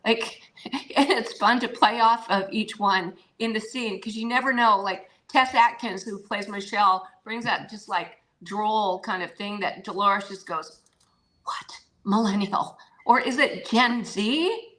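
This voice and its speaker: A woman's voice: mid-range voice, fairly even intonation, measured pace, low-quality recording. An older woman, an actress, chatting as an interview guest from her home over a video call, with frequent fillers and easy laughter. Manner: warm, chatty, laughs often, trails off with fillers. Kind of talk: casual interview chat. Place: home with pets around.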